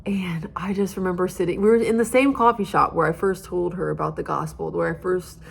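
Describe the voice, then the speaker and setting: A woman's voice: on the low side, steady tone, fairly quick, creaky, breathy edge. A young woman giving an earnest, heartfelt personal testimony about her campus ministry.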